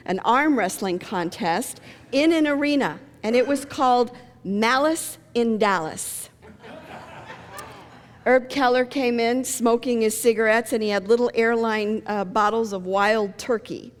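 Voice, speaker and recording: A woman's voice: a little high, a little slow. A middle-aged woman pastor giving a sermon, telling stories and jokes. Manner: storytelling with jokes. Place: church sanctuary. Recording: long church reverb.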